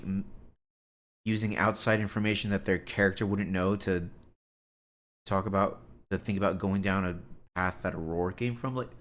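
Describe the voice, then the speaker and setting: Low-voiced man ranting on a live stream. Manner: animated, exasperated and rambling, with lots of "like". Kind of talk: casual live-stream commentary.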